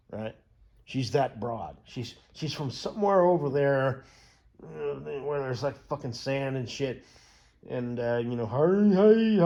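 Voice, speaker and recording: A young man from the US rambles through a casual story, swearing freely and circling back on himself. His voice is husky and a little rough, pitched in an ordinary middle range. He keeps stalling and restarting mid-sentence. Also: a little mellow, dull audio. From United States. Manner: profane, digressive, many fillers and restarts.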